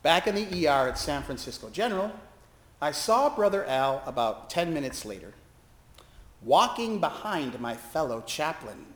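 A man's voice: a little high, normal speed, roomy sound. A male pastor preaching a sermon, telling a hospital story and acting out the voices in it. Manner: expressive, acting out quoted voices. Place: church sanctuary.

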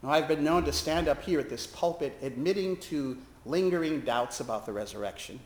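Expressive preacher man in echoey church. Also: a little high, a little fast. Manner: expressive, acting out quoted voices. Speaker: pastor and hospital chaplain. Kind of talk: sermon with storytelling. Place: church sanctuary.

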